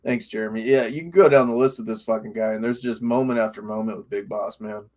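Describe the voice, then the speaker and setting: A man's voice: on the low side, fairly even intonation, fast talker, a little mellow. A man co-hosting a casual wrestling podcast, talking in a laid-back and profane way. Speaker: podcast co-host.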